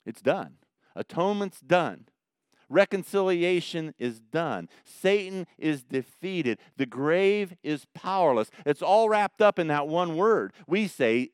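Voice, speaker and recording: A man preaching a sermon as pastor, moving between hushed, intense passages and fervent, almost shouted emphasis. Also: fairly high pitch, big pitch swings, unhurried, clear, resonant tone, no echo. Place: church in Indianapolis.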